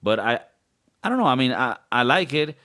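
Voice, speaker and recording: A man's voice: medium pitch, very animated, fairly quick, bright, forceful tone. A young man co-hosting a podcast, rambling and joking in casual banter, swearing often. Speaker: podcast co-host.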